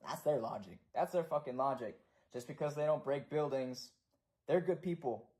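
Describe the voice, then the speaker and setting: A man's voice: medium pitch, moderate pace, a little mellow. A young American man ranting profanely and repetitively in a casual livestream.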